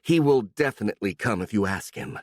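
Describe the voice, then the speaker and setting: Brief: storybook young woman, matter-of-fact and sarcastic, voiced by a male narrator, raised pitch. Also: a little fast, dry recording, natural voice. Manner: calm, dry, a bit sarcastic.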